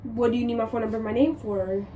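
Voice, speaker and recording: A woman vlogger telling a casual storytime in an animated, exasperated way, repeating herself for emphasis. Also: on the high side, fast. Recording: distant mic with noisy background.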